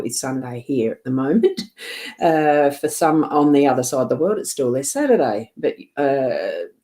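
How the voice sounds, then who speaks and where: Low mellow Australian woman reading cards. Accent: South Australian. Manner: rambling, gentle, laughs often. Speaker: psychic card reader. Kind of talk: livestream card reading. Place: home desk.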